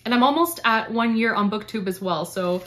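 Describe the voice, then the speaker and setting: A woman's voice: a little high, animated, normal speed, a bit bright. A young woman from Canada chatting casually to camera on her book channel, gushing and effusive as she opens birthday gifts. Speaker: book vlogger. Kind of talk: casual unboxing chat to camera.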